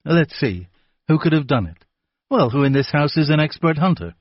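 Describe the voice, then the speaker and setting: A man's voice: fairly high pitch, sing-song, moderate pace, no echo, muffled recording, pitched above the performer's own voice. A man voicing a sullen, defiant teenage boy who mocks the police in an audiobook. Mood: mocking. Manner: sneering, mocking.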